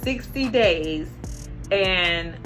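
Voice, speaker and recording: Host, woman, encouraging, bright forward tone. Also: on the low side, expressive, drawn-out words, soft background music. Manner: encouraging, lots of affirming "right". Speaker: interview host. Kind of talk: casual interview.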